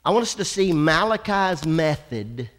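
A male pastor preaches with a high voice, stretching key words and pausing for effect. He asks his congregation for an amen now and then. His voice rings through the long reverb of a church hall. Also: lively intonation, a bit bright. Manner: dramatic preacher, slows and drawls for emphasis, calls for amens. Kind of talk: sermon. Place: church sanctuary.

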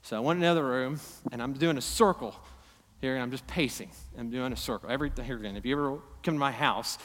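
A man in his thirties preaching a sermon in a church hall, swinging from loud emphatic peaks down to quiet, low asides. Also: quick pace, slight background noise. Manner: impassioned, rising to loud emphatic peaks then dropping low. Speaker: pastor. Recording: long hall reverb.

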